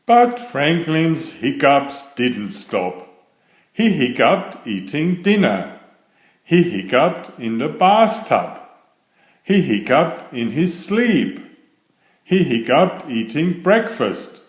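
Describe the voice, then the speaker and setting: A man reading a children's picture book aloud, slow and expressive. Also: fairly high pitch. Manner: slow, sing-song, expressive. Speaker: storybook reader. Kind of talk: children's story read-aloud. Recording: echoey room.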